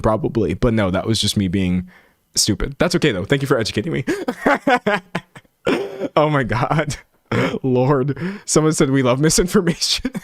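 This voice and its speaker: A man's voice: mid-range voice, no room sound, studio quality. A man commentating on a live stream and reading chat aloud. He rambles, restarts his sentences and pokes fun at himself. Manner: animated and rambling, self-mocking, many restarts.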